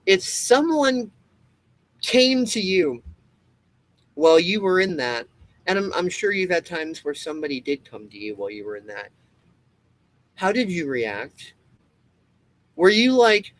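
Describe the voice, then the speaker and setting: A man's voice: sits high, big pitch swings, unhurried, long pauses, no echo, rough recording. A man talking to camera in a casual monologue, rambling with many restarts and swearing freely. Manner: acts out quoted people. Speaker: video host.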